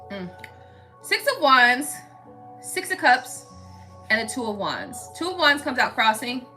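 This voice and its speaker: A woman's voice: high voice, very animated, slow, pauses often, pushed and bright, soft background music. A woman hosting a tarot reading in a rambling, chatty way, talking straight to her viewers and often restarting her sentences. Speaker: tarot reader and channel host. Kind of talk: casual chat with viewers.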